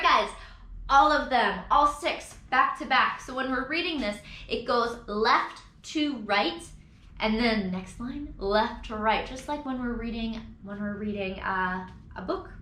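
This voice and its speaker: A woman teaches a recorded music lesson to children at an unhurried pace, chanting rhythm words and counting out beats. Her voice sits a little high. The recording is echoey, with steady noise behind her. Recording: echoey room with background noise.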